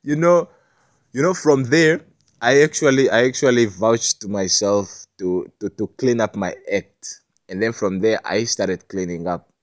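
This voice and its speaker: A man whose voice is on the low side speaks unhurriedly, with no room sound in the recording. Not from Jamaica, he tells a personal story in a relaxed, rambling manner packed with fillers and restarts.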